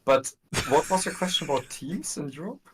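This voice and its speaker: A man's voice: on the high side, expressive, a little fast, slightly rough. A man guesting on a livestream, chatting casually and stumbling over his words. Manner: hesitant, repeats words. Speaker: guest co-caster.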